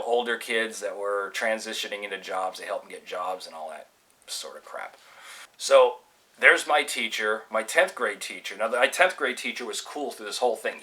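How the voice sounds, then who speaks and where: A man from California telling a personal story casually, animated and swearing freely as he acts out the people in it. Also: lowish voice, poor audio. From California, USA.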